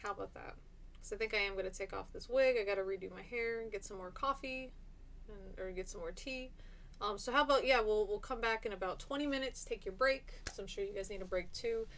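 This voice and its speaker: A woman teaching a class over a live stream at an ordinary middle pitch. She talks in a chatty, encouraging way and answers student comments as they come in. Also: fairly quick, fairly bright tone, a little hiss or hum.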